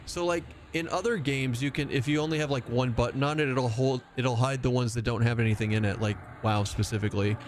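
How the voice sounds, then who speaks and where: Male streamer, mid-pitched, loose rambling live-stream chat with viewers, lots of casual swearing. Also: fairly even intonation, brisk, hardly any pauses, noisy background. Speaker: game streamer.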